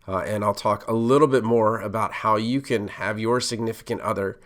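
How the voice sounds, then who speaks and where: A man's voice: on the low side, fairly even intonation, moderate pace, a bit bright. A middle-aged man hosting a solo podcast, talking casually with many fillers and restarts as he gives career advice. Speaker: podcast host, pharmacist.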